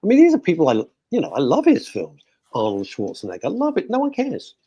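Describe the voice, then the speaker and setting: Man, radio host, husky, animated pitch, dry close mic. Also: fast, dry recording, highs cut off. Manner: chatty, animated, dips into a hushed aside. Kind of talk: casual chat.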